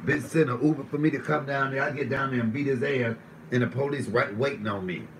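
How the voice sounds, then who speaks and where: A man hosting a live stream while cooking, ranting with heavy profanity and swinging between low muttering and raised shouting. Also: fairly quick, a little hiss or hum, low-quality recording. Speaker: livestream host.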